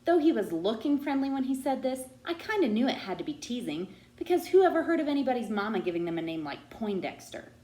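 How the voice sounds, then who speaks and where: Woman audiobook reader, expressive, fairly high pitch, roomy echo. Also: fast, few pauses. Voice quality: expressive, animated reading. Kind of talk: storytelling narration.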